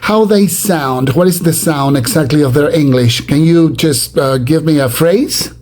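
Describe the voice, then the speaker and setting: A man with an Argentine Spanish accent, a native Spanish speaker, chatting with halting speech, fillers and restarts. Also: a little high, a little mellow. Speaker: host. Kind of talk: casual chat.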